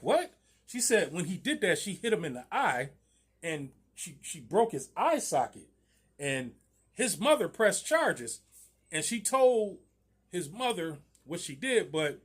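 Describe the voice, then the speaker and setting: A man's voice: sits high, slightly rough. A man, a landlord, telling a story about a tenant in a loose, slangy way, often laughing. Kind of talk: casual storytime vlog.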